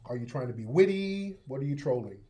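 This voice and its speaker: A man's voice: mid-range voice, animated, brisk, warm tone. A man hosting a live call-in room, combative and repetitive, talking over his callers. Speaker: host.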